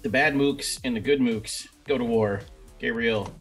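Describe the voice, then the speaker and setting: A man running a tabletop role-playing game as game master, giving brisk, amused directions. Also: mid-range voice, faint music behind.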